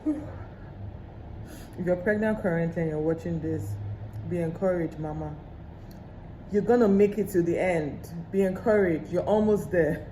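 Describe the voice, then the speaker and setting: Pregnant woman vlogger with a Nigerian accent, low-pitched and reflective, recorded in a roomy, echoey space. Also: unhurried, long pauses, warm tone, slight background noise. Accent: Nigerian English. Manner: chatty, candid and reflective. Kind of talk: casual vlog chat. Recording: roomy echo.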